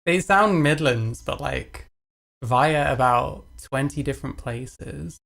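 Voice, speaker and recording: A woman's voice: rumbling low, slow, gravelly, fairly bright tone. A streamer from England giving casual, mocking commentary on clips she plays, with rambling asides. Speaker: livestream host reacting to clips.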